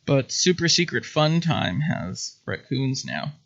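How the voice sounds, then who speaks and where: A livestream host paints while chatting casually and laughing often. His medium-pitched voice is gravelly, slow, and sing-song, and the stream audio is muffled and lo-fi.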